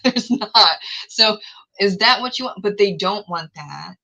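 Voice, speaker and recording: A woman's voice: medium pitch, expressive, a little slow, creaky, bright, forceful tone, poor audio. A woman hosting a livestream, chatting frankly and emphatically and laughing often. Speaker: livestream host. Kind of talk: casual chat.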